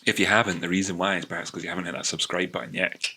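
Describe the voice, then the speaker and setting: A man's voice: sits low, fairly even intonation, very fast, bright, forceful tone. A man giving casual, rambling commentary on crypto price charts, with many restarts and self-amused asides. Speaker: crypto market analyst.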